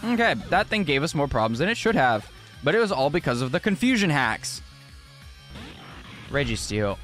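A young male streamer commenting on his gameplay live and chatting with his viewers. His voice sits fairly high and swings widely in pitch, loud outbursts mixed with easy casual slang, over faint game music. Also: normal speed. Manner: animated, exclaiming, casual slang.

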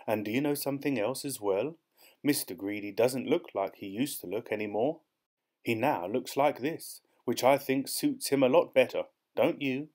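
A man reading a children's picture book aloud in an expressive, playful storyteller way. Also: medium pitch, moderate pace.

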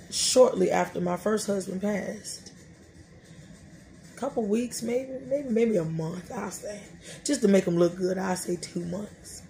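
A woman's voice: mid-range voice, creaky, darkish tone, slight background noise. A middle-aged woman hosting a podcast, sharing faith talk in a colloquial, joking, storytelling way. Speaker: podcast host.

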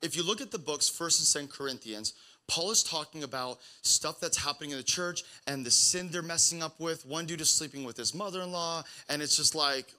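A young pastor from the Pacific Northwest preaches a sermon in a casual, rambling way, full of fillers and restarts. His voice is a little high with a sharp tone, and he talks briskly.

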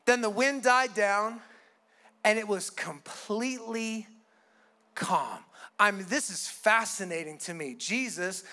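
A male pastor preaching a sermon, swinging between loud emphatic bursts and hushed asides. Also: sits high, slow pace.

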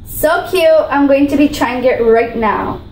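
Bubbly female vlogger, high voice, gushing and repetitive, echoey room, faint background hiss. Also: a little slow, darkish tone. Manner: bubbly, gushing, repeats herself. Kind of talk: food challenge vlog.

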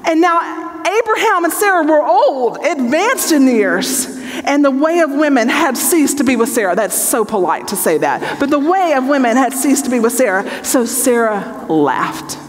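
A woman with a fairly high voice teaches a Bible study, reading scripture and then breaking it down in a lively, joking tone. Her voice carries a long reverb that rings through a large hall. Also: normal speed. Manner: reads scripture aloud, then explains in a chatty, joking way.

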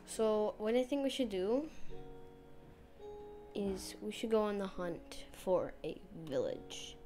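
A chatty woman talks her way through a game session, thinking out loud and talking to the animals she runs into. Her voice sits at a middling pitch. Clear music plays underneath. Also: big pitch swings, slow. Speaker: gameplay streamer. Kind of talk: casual game commentary.

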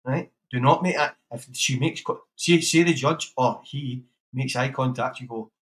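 Here's a livestream host speaking at medium pitch and moderate pace, his tone fairly bright over a low-quality recording. He keeps things casual, laughing and cursing as he dispenses blunt advice.

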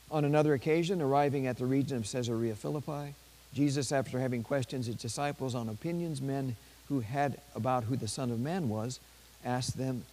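A man with a dark, mellow voice reads aloud from a saint's life at a measured pace. Now and then he stops to add a quick aside in his ordinary speaking voice. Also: medium pitch, rough recording. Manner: measured reading with brief spoken asides. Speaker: priest.

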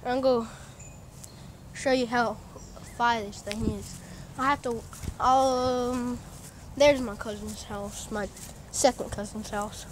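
A woman's voice: a little high, fairly even intonation, slow. A teenage girl rambling casually through a tour of her home, with distracted asides, recorded on a handheld phone. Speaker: vlogger. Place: house, walking through rooms and outdoors. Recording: noisy home video.

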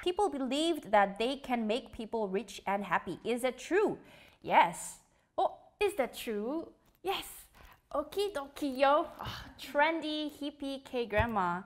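Playful high-voiced woman. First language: Korean. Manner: playful, giggly, chatty. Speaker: host of a live quiz show. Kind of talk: live-stream chat reading viewer comments.

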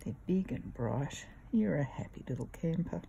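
An Australian woman, a wildlife carer, cooing soft, fond baby talk to a bat pup indoors at home. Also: low voice, sing-song, normal speed, gravelly, a little hiss or hum, low-quality recording. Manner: soft, fond, sing-song.

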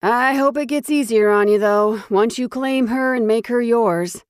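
A woman's voice: on the high side, unhurried, smooth, dry recording, clean studio sound, pitched above the performer's own voice, close to an everyday voice. A woman voicing a laid-back male friend who talks his buddy down with jokes. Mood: teasing. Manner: calming, joking. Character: easygoing male best friend, teasing.

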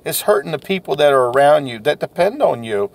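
A man's voice: a little high, expressive, fairly quick, gravelly. A man, a sales coach giving a folksy, self-deprecating motivational talk.

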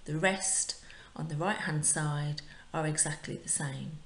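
Casting note: female teacher, low and unhurried, patient and clear, recorded in an echoey room. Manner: clear, patient, drills words for repetition. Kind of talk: recorded remote language lesson. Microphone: home recording for remote class.

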